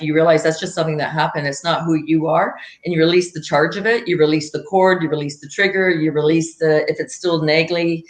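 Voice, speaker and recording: A woman's voice: on the low side, roomy sound. A woman co-hosting a casual spiritual chat over a video call, rambling through stories and acting out voices. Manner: rambling storyteller, acts out voices in anecdotes. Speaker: spiritual live-stream co-host.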